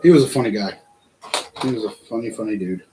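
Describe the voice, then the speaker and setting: A man's voice: lowish voice, fast, noisy background. A man hosting a casual build-along vlog, chatting to himself and laughing through his stories. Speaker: vlog host building a model kit.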